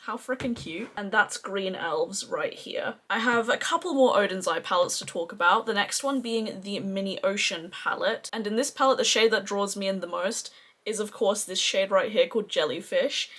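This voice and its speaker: A chatty Australian woman talks through her favourite eyeshadows in a casual beauty review. She gushes freely, sitting at an ordinary, middling pitch. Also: a bit bright. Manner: gushing, chatty, effusive. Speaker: beauty vlogger.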